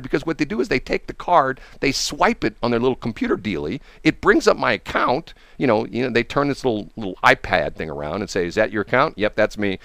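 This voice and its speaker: Animated storytelling man, lively pitch. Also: fast talker, hardly any pauses, no echo. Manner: animated, acts out quoted people. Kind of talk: casual storytelling.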